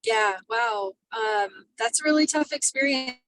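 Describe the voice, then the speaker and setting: Higher-voiced grateful woman participant. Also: a little slow, a little hiss or hum. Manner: warm, grateful and thoughtful, with many likes and ums. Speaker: workshop participant. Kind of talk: casual conversation on a video call.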